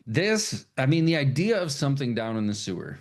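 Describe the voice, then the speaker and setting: A man hosting a casual podcast chat, animated and swearing freely, acting out lines in high put-on voices. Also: normal speed. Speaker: podcast host.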